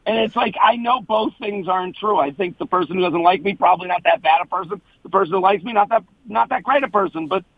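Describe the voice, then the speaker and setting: A man's voice: high voice, quick pace, few pauses, no echo, narrow, tinny audio. A male comedian guest in casual chat, talking in an earnest, emotional, rambling way.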